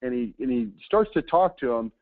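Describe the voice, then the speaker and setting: A man's voice: medium pitch, lively intonation, a little fast, no echo. Man teaching a marketing webinar over phone-like audio. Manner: storytelling, with fillers and restarts. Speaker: marketing trainer. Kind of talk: webinar lesson.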